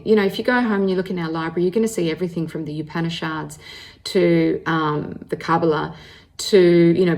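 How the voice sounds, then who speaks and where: Chatty Australian woman telling her story. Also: on the low side. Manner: animated, chatty, many fillers and restarts. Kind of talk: personal storytelling monologue.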